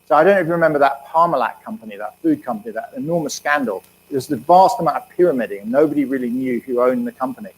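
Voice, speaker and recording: A man, an economics professor, giving a public lecture in a relaxed, joking way. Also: medium pitch, slight background noise, low-quality recording. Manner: quick, chatty, and jokey, with many fillers. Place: university lecture hall.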